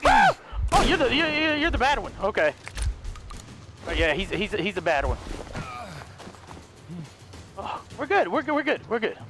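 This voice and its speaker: A man hosting a gaming video, giving excitable casual commentary, yelping and talking back to enemies. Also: high-pitched, moderate pace, long pauses, over music. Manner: excitable, yelps and talks to enemies. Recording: voice over loud game audio. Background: game sound effects.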